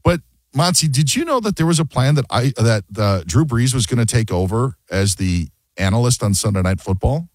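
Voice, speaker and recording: A man hosts a sports talk radio show in a loose, joking way, slipping into quick impressions. His pitch swings widely as he talks. The studio sound is dry and close. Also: no room sound. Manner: animated, jokey, acts out quotes.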